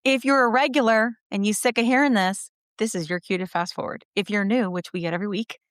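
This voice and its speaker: A woman hosting a podcast in a chatty, upbeat way with quick asides. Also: medium pitch, steady tone, dry recording. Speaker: podcast host. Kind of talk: casual podcast chat and ad read.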